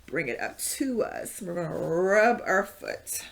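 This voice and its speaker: A woman's voice: lowish voice, lively intonation, unhurried, vocal fry, hardly any pauses. A woman leading a casual yoga class, chatty and rambling, with many fillers and frequent laughs. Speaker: yoga instructor.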